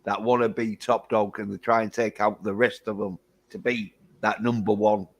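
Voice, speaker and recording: A man's voice: fairly low pitch, level tone, normal speed. A British man hosting a livestream, chatting loosely and rambling with a lot of swearing. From Britain. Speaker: livestream host. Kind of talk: casual chat.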